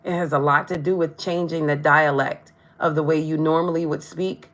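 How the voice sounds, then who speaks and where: Low-voiced woman reading tarot live. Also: fairly even intonation, normal speed, a bit bright. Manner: stumbles over words, tongue-tied; chatty, addresses viewers directly. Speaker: tarot reader.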